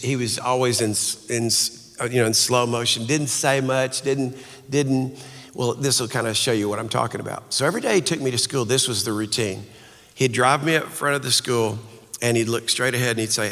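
A man, a speaker and author, telling a personal story in an earnest, halting way with frequent restarts. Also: mid-range voice, a bit bright, big-room sound.

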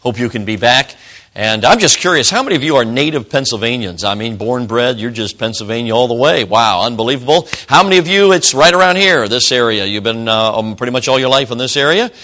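Bright-voiced folksy evangelist preacher. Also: male voice, mid-range voice, brisk. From Chicago. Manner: folksy, chatty, jokes with the congregation. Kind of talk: sermon. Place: church service.

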